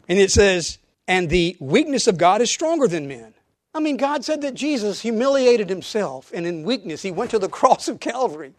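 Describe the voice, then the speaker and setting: A man preaching a sermon to his church, emphatic, with rhetorical questions and sudden drops to quiet asides. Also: sits high, no room sound, studio quality. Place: church auditorium.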